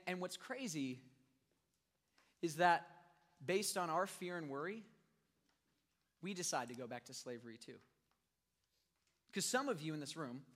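A young man preaches a lively sermon and jokes with his listeners. His voice is high and bright. It carries a long reverb from a large hall. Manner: animated, joking with the crowd, acting out scenes. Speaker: youth pastor.

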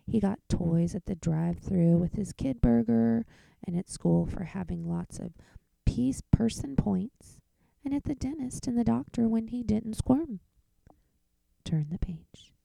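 A woman's voice: on the high side, measured pace, gravelly, mellow, no room sound, rough recording. A woman reading a children's picture book aloud expressively, whispering each page turn. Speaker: narrator.

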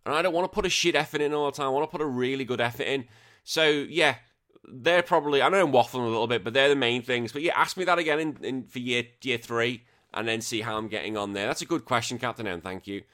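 A young British man hosts his own podcast and answers listener questions in a loose, rambling way. He drops casual swear words, laughs at himself, and speaks at a middle pitch. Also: fast, a bit bright. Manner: rambling, swears often, self-deprecating. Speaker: podcast host.

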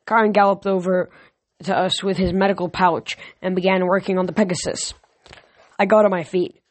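A man's voice: high-pitched, fairly even intonation, normal speed, no room sound. Amateur male reader with a dry close sound. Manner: unpolished read with frequent restarts and self-corrections. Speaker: audiobook reader. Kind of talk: reading a novel aloud.

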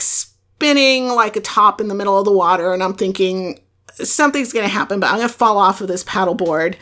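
A middle-aged woman talks through her own stories in a relaxed, chatty monologue. She keeps it lively and slips into the voices of the people she quotes. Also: medium pitch. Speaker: podcast host. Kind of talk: casual storytelling monologue.

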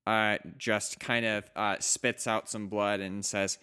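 Male game master, clear smooth tone, halting casual narration. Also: lowish voice, little pitch movement, bright, forceful tone. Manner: hesitant, many fillers and restarts.

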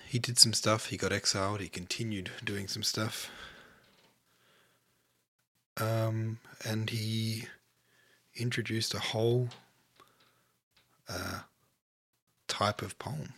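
A man's voice: lowish voice, fairly even intonation, takes it slowly, pauses often, sharp tone, husky. A man hosting a casual solo podcast, short of breath, rambling and offhand, sometimes sinking to a near-whisper. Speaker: podcast host.

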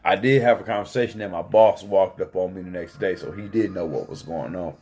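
A man's voice: low-pitched, fairly quick, darkish tone, slightly rough. A man in casual chat, telling a family story in a heated, profane way.

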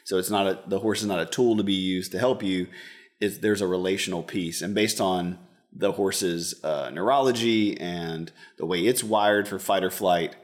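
A counselor man with a fairly low voice talks in a relaxed interview. He rambles earnestly, restarts his sentences, and acts out the dialogue he describes. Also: moderate pace. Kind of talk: casual interview talk.

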